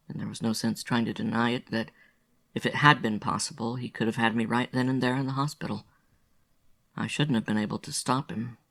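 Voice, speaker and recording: A man narrating a literary audiobook with a gravelly, fry-laden voice. He sits at a middling pitch and keeps a measured, confessional storytelling manner.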